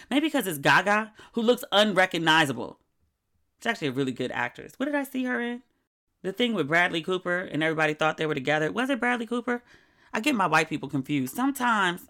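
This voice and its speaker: A middle-aged woman hosting a podcast, chatting casually in a candid, wry, animated way. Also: on the low side. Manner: candid, wry and animated, with sudden quoted outbursts. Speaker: podcast host. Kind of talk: casual solo podcast chat.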